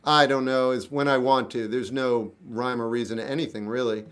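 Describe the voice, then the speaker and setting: A man in his fifties reading live chat questions aloud and answering them with blunt, deadpan one-word replies. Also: mid-range voice, moderate pace, clean tone. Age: 50s. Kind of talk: casual live-stream chat.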